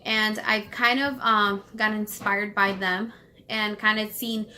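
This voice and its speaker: A woman from Los Angeles telling a personal story on her vlog, rambling fast with many fillers and restarts while holding back tears. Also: mid-range voice, steady tone, sharp tone, slight background noise. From Los Angeles, United States. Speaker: vlogger.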